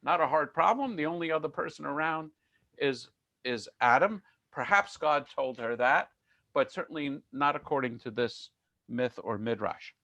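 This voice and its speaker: Gravelly, chatty male myth lecturer. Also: fairly high pitch, normal speed, pushed and bright, dry recording, muffled recording. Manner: conversational, digressive, joking. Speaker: lecturer on Jewish myths. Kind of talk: online lecture.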